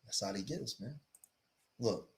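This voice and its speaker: A man's voice: lowish voice, moderate pace, creaky. A man hosting a livestream, delivering emphatic, preachy commentary, repeating himself and saying "man" often. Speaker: streamer and commentator.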